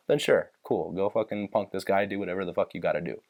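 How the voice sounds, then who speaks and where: A man's voice: lowish voice, fairly even intonation, fast talker, few pauses, a little mellow. A young man hosting a podcast in casual chat, rambling and swearing freely as he works through his thoughts and retells movie scenes. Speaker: podcast host.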